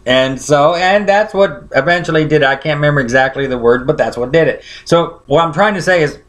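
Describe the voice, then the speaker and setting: A man's voice: on the high side, brisk, a bit bright. A man preaching a sermon, telling a personal story in a conversational way and often checking in with his listeners.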